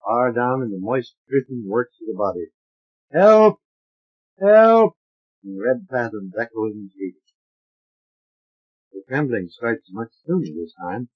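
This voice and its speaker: A man's voice: fairly low pitch, a little slow, slightly rough. A man reading a short story aloud in a dramatic audiobook style. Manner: dramatic, varied character voicing. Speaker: audiobook narrator. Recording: dull lo-fi transfer of an old record.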